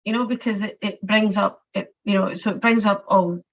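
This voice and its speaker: A Scottish woman sharing personal reflections, halting and often repeating her words. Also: mid-range voice, fairly even intonation. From Scotland. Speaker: workshop participant. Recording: muffled lo-fi audio.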